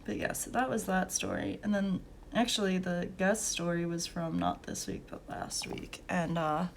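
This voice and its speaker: A woman's voice: on the low side, fairly even intonation, normal speed, creaky, slight background noise. A young woman hosting a coloring channel, chatting casually and telling work stories with lots of laughs and fillers. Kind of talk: casual chat while coloring.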